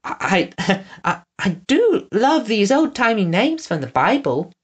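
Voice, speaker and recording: A man voicing a snooty, fussy high-society mother who talks through clenched teeth. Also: huge pitch swings, slow pace, slightly rough, lo-fi sound, exaggerated voice. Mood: flustered. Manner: shrill, clenched-teeth drawl.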